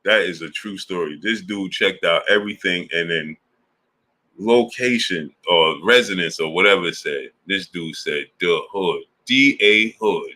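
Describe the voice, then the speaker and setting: Deep, forceful male streamer, slangy and animated, super chat shoutouts. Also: moderate pace. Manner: animated storytelling full of slang, laughs often. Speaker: sports channel host.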